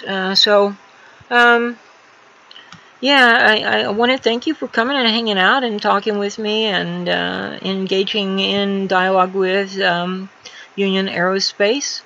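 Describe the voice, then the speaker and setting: A woman's voice: medium pitch, steady tone, measured pace, vocal fry, pushed and bright, slight background noise. A woman hosting a casual livestream from a room at home, rambling along with many fillers and restarts. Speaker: livestream host. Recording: slightly dull lo-fi home stream audio.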